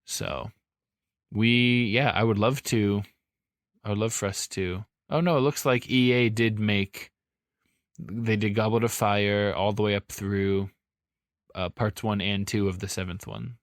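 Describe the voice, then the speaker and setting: A man's voice: fairly low pitch, steady tone, measured pace, dry recording, studio quality. A man co-hosting a podcast, talking in a rambling, easygoing way with many fillers. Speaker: podcast co-host. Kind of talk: casual chat.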